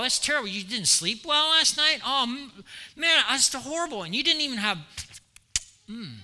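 Animated, bright-voiced man preaching in a reverberant church. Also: sits high. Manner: animated storytelling with emphatic repetition. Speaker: pastor. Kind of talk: sermon.

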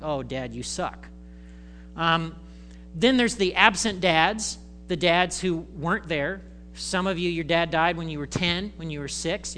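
A male pastor giving a conversational, animated sermon in church, acting out voices. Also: fairly high pitch, slight background noise.

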